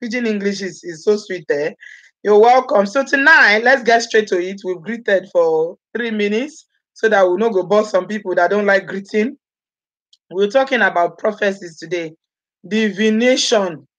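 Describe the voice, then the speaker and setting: A woman's voice: medium pitch, moderate pace, fairly bright tone. A woman from Edo State with a Nigerian accent, chatting on a live vlog, greeting viewers by name and slipping into Pidgin. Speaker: vlogger host.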